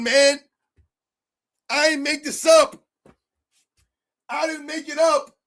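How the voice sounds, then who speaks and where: Dude with a really high voice going off on a sports rant, pushy, says stuff twice. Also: male voice, fairly bright tone. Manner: emphatic, argumentative, repeats points. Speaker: sports commentary host.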